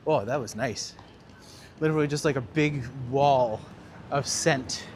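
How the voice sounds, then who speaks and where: A man's voice: medium pitch, a little slow, a little hiss or hum. A man hosting a live walking-tour stream outdoors, chatting and joking with viewers as he walks. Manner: chatty and jokey, answering live chat while walking. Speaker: walking tour guide and livestream host. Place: outdoors on city streets.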